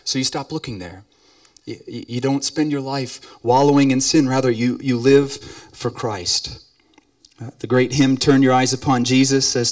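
A male pastor preaching conversationally at a retreat, joking with the audience. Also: mid-range voice. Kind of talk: sermon at a retreat. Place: retreat meeting hall.

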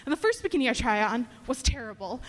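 A woman telling a humorous personal story on stage, lively and building each beat toward the payoff. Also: on the high side, fast. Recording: long hall reverb.

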